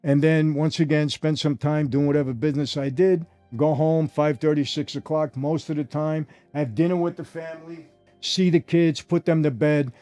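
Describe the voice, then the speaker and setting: An older man tells stories from his past in a casual, animated monologue, often turning to address his listeners directly. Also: fairly high pitch, normal speed, soft background music. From New York. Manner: animated, addresses listeners directly, repeats "I gotta tell you". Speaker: former mobster telling stories.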